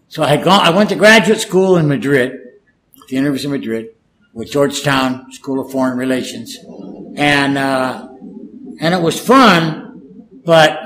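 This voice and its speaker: A man's voice: mid-range voice, low-quality recording. An older man, a native Spanish speaker, telling stories casually in an interview and acting out the people he quotes. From California. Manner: animated storyteller, acts out quoted dialogue. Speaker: guest, former war correspondent.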